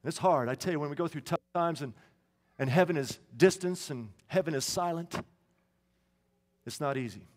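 A high-pitched man preaching a sermon, talking to the congregation conversationally with asides and restarts. His voice carries a long reverb through a church hall. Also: moderate pace, pauses often. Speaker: pastor.

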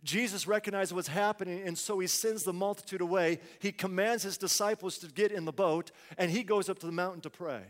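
High-voiced male preacher in a reverberant hall. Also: fairly even intonation, fairly quick, few pauses. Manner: rhetorical questions, dramatic quoted complaints. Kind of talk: sermon.

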